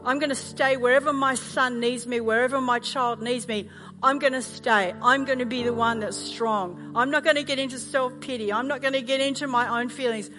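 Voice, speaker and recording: A woman's voice: fairly high pitch, fairly even intonation, moderate pace, big-room sound, lightly acted. A woman speaking as a steadfast grieving mother, firm and declaring. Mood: resolute. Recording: music playing underneath.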